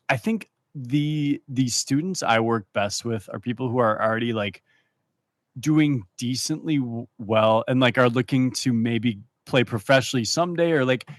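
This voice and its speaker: A man talking as a poker coach in casual podcast chat, with a mid-pitched voice. He stumbles and repeats words while thinking aloud. The recording is dry and close. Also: no echo.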